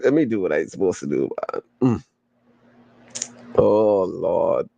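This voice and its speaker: Excitable man on a dry, close mic. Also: deep voice, fast, no echo, highs cut off. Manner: playful, slangy and excitable, breaking into laughter. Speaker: podcast host. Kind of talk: casual chat reading viewer comments.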